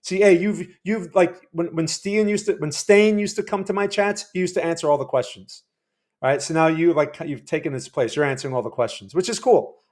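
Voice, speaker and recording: A man's voice: a little high, brisk, a little mellow. A man hosting a live day-trading stream, chatty and rambling as he comments on trades and quizzes his chat. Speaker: day trading livestream host.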